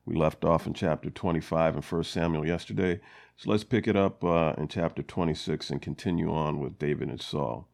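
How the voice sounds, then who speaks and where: A man's voice: very deep voice, a little fast, creaky. A man hosting a Bible study, reading scripture and retelling it in casual, conversational words with many fillers. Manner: grows louder and more animated when quoting characters. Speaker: Bible study podcast host.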